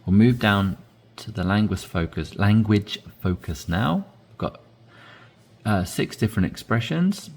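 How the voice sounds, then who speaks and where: A man with a low, slightly husky voice leads an English conversation lesson. He talks unhurriedly, and his pitch rises and falls a lot as he stresses words for learners to copy. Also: animated, a little mellow. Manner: slow, deliberate modeling of phrases with stressed inflection. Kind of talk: language lesson, reading dialogue aloud.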